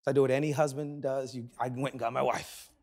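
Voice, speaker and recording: A man preaching a sermon as a pastor, telling a personal story with animated, self-deprecating humor and quick asides. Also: medium pitch. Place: large church auditorium.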